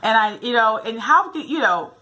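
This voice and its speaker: A woman's voice: on the high side, lively intonation, normal speed, sharp tone. A middle-aged woman from the United States, telling a story casually in a vlog and acting out the dialogue. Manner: chatty, retells a funny encounter with quoted dialogue. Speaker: vlogger.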